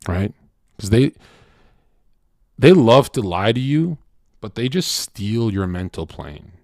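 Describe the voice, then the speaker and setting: A man's voice: lowish voice, big pitch swings, slow, a little mellow, no echo, studio quality. A man hosting a stream, ranting in a crude, profane monologue and asking "right?" again and again. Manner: mock-quotes people in sudden voice swings. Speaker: streamer host.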